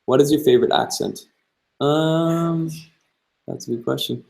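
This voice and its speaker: A man's voice: a little high, measured pace, creaky, darkish tone, low-quality recording. A young man hosting a live-stream Q&A, answering viewer questions in an easygoing way and thinking aloud as he goes. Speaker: travel vlogger host.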